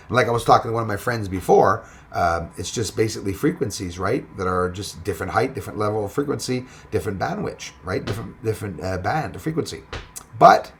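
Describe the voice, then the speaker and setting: A man's voice: lowish voice, creaky, slight background noise. A man hosting a casual livestream, rambling and greeting viewers as he reads their comments aloud. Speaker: livestream host.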